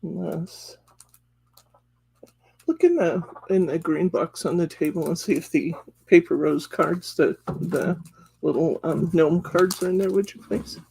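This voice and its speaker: Slow, gravelly man hosting a craft demo. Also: a little high, expressive, a little mellow. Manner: chatty, laughs often, greets viewers by name. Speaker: craft class host. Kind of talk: live craft demo chat.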